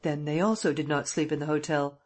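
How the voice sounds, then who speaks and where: A blustering, undecided police sergeant from a spoken storybook, his questions pushed up higher and louder than the narration, as a reader puts him on. The tone stays husky, with a rough edge. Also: fairly even intonation, brisk, close to an everyday voice. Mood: pressing.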